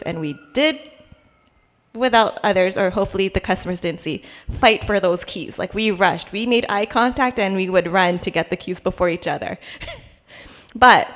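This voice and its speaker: Young woman at church sharing her story, lots of likes and restarts, highish voice, big echoey hall. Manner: conversational, hesitant, many restarts and fillers. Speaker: church speaker sharing a testimony. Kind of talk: personal testimony talk. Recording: long hall reverb.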